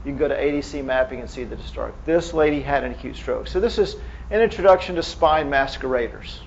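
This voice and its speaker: A man's voice: medium pitch, lively intonation, a little fast, vocal fry, highs cut off, a little hiss or hum. A man giving a conversational medical lecture as a neurohospitalist, quizzing the audience with frequent restarts.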